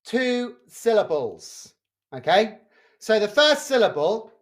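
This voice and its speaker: A community drama workshop leader running a charades game over a video call, pausing to check in with "okay?" after each clue. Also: mid-range voice, sing-song.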